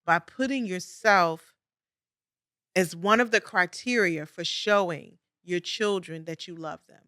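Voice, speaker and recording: A woman's voice: fairly low pitch, unhurried, pushed and bright, dry recording, clean studio sound. A middle-aged woman hosting a podcast, giving conversational advice with emphatic repetition and frequent light laughs. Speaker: podcast host. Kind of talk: conversational coaching monologue.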